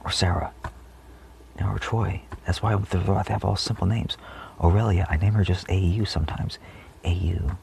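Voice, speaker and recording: A man's voice: low voice, fairly even intonation, moderate pace, creaky, a little mellow, slight background noise. A man giving a rambling spiritual monologue, full of fillers, often dropping into a whisper. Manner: meandering, many fillers, often trails off into whispers. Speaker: spiritual vlogger.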